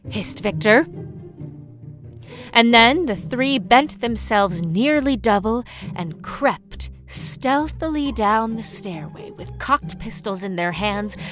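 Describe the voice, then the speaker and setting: A woman narrating a children's storybook in a measured, expressive way. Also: a little high. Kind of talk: storybook reading.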